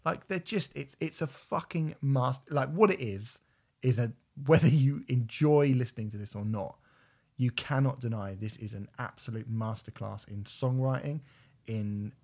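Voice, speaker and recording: A man's voice: mid-range voice, normal speed, darkish tone. A man co-hosting a music podcast, rambling and searching for words, swearing casually. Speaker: podcast co-host. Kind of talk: casual chat about music albums.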